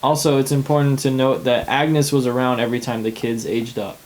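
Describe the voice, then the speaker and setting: A man's voice: medium pitch, steady tone, a little fast, darkish tone, low-quality recording. A man co-hosting a casual podcast chat, animatedly retelling scenes and acting out the characters' lines. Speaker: podcast co-host.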